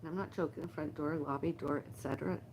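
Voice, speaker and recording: Gravelly middle-aged woman, halting and emotional. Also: low-pitched, fairly even intonation, noisy background. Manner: halting, emotional, repetitive lists. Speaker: livestream host. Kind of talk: rambling personal monologue. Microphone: phone livestream.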